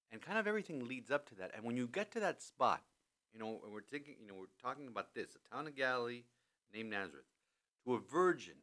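A podcast host with a mid-range voice chats through a scripture reading in conversational commentary, animated and full of restarts and "you know." He records in a studio inside a building with thin walls.

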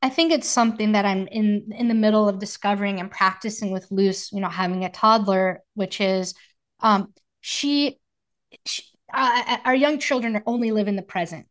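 A woman's voice: medium pitch, moderate pace. A woman in her thirties in casual conversation as a podcast co-host, speaking earnestly and reflectively in long flowing thoughts.

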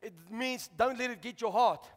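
A man preaching a sermon as pastor, shouting out to the congregation and asking for responses. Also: very high-pitched, moderate pace. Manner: preaching with rising shouts and call-outs to the congregation. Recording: long hall reverb.

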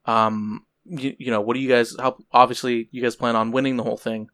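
A man hosting a podcast, asking a guest loose, relaxed questions. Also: medium pitch, fairly quick, clear, resonant tone. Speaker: podcast host. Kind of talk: interview questions.

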